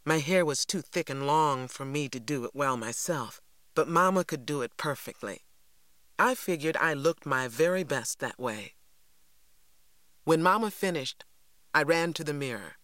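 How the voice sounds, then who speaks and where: A man reads a storybook in measured, unhurried narration at a middling pitch. The recording is dry and close, with no room echo. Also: fairly bright tone. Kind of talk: audiobook narration.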